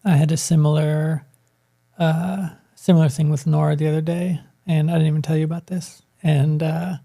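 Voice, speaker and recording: A man's voice: a little high, level tone, normal speed, mellow. A man co-hosting a parenting talk show, chatting casually and easily agreeing with his co-host. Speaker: podcast co-host. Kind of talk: casual chat.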